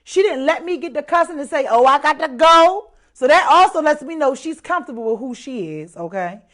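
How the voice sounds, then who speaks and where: A woman chatting as a guest on a casual live show, animated, laughing often and repeating her words for emphasis. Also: high voice, a little fast. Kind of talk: casual live-stream chat.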